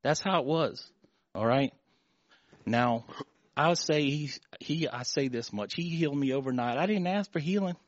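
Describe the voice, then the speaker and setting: A middle-aged man stands before his congregation and gives his testimony, his voice moderately pitched and caught in a dull, dry recording. He speaks in halting, emotional bursts, restarting and repeating himself as he works through what he wants to say. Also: dry recording. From Florida. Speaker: church member giving testimony.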